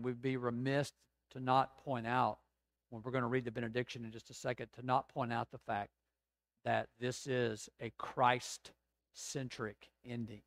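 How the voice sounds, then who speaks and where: A man preaching a sermon as pastor, rising to emphatic swells and dropping to slow, quiet reflection. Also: mid-range voice, no room sound.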